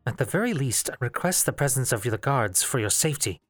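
A man's voice: medium pitch, lively intonation, brisk, no echo, faint music behind, lightly acted. A man playing a stern tall warrior woman. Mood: tense. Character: tall fierce woman guard captain, stern and suspicious.

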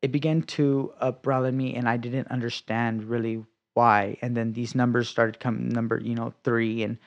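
Speaking in a mid-range voice with a level tone and normal pace, a man tells his faith testimony energetically in casual talk. He acts out what he once said and lowers his voice to a hushed whisper for emphasis, while the recording has its highs cut off.

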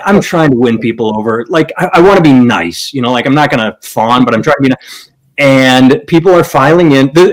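A man's voice: mid-range voice, rough recording. Rambling, profane male storyteller. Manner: rambling, profane, restarts, acts out quoted people. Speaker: podcast host telling a story. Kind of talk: casual storytelling chat.

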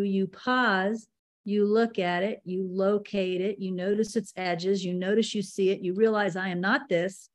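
A woman teaching spiritual practice in a casual, conversational way, laughing easily and slowing down to read passages aloud. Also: mid-range voice.

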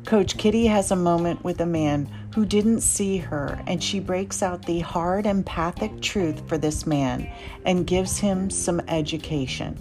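Slow-reading woman introducing a podcast. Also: on the low side. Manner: measured, read-aloud delivery. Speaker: podcast narrator. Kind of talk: scripted show introduction. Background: faint music.

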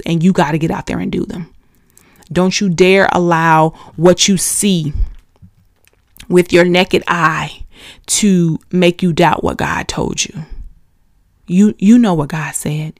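A woman's voice: on the low side, steady tone, takes it slowly, no echo, clean studio sound. A middle-aged woman hosting a faith podcast, urging listeners on in an emphatic, preachy way. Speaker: podcast host. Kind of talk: motivational faith talk.

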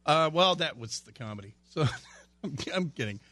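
A man's voice: a little high, animated, normal speed, sharp tone, no echo. A man guest-hosting a radio talk show, reading a news story in a chatty way with stumbles and jokey asides. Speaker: radio fill-in host.

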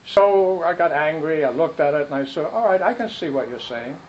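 A man with a slightly high voice gives a rambling spiritual talk, full of stories and asides. The recording is muffled and lo-fi. A faint hiss runs underneath. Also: a little fast. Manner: rambling, animated storytelling with asides. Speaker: spiritual teacher. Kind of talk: dharma talk with questions.

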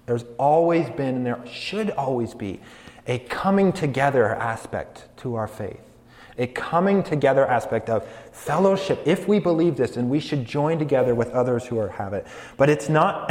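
A man with a somewhat high voice preaches earnestly to college students, building emphasis and slipping in light jokes. His voice rings through a large hall with a long, roomy reverb. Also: animated, normal speed, darkish tone. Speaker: campus ministry preacher.

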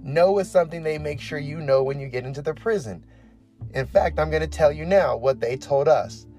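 Man, former prison officer, impassioned testimony, slightly high voice, faint music underneath. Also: normal speed, dark tone. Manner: impassioned, emphatic storytelling. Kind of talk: personal testimony.

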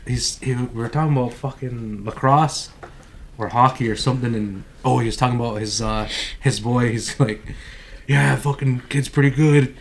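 A man co-hosting a podcast, telling a rowdy story with lots of swearing and breaking into laughter. His pitch sits at a middling level. Faint noise hums underneath. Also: moderate pace. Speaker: podcast co-host. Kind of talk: casual storytelling chat.

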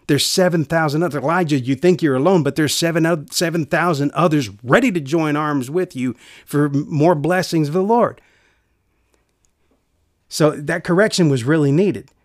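A man preaching a sermon in an earnest way, repeating key phrases and going soft for quiet lines. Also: a little high, normal speed, no echo, studio quality.

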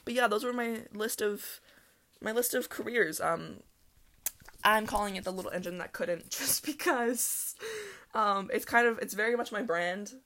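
A young woman hosting a casual solo podcast, talking fast and rambling with lots of "like" and laughs. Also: medium pitch, fairly bright tone. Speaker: podcast host.

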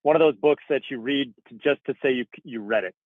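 A man's voice: mid-range voice, a little fast, dry recording. A man co-hosting a casual podcast from his car, laid-back with dry, wry humor. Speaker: podcast co-host. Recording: tinny phone-like line, dry.

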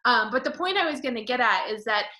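A woman's voice: a little high, animated, fast talker, pushed and bright, reverberant. A woman hosting a podcast interview over a video call, gushing and emotional, rambling with many restarts. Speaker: podcast host.

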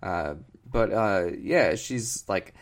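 A man co-hosting a comedy podcast, rambling on in a mock-earnest, deadpan way with many fillers. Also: fairly low pitch, slow pace. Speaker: podcast co-host.

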